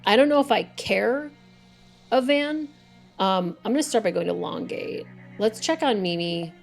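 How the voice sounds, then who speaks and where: A woman's voice: mid-range voice, lively intonation, measured pace, vocal fry, soft background music. A woman streaming a game live, chatting and thinking aloud with many fillers.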